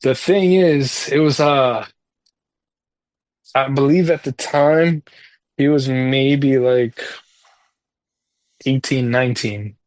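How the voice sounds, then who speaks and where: A man's voice: mid-range voice, slow, long pauses, a little mellow, no echo. A man, a parent, chatting casually on a podcast, telling a long story with lots of fillers and slang. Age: adult parent. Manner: rambling, loose delivery full of fillers and slang. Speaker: podcast co-host talking soccer video games.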